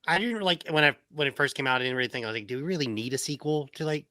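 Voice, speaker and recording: A man's voice: a little high, racing, sharp tone, no room sound, studio quality. A man giving his take on a film in a casual podcast chat, hesitant and rambling with many fillers. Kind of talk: casual movie review chat.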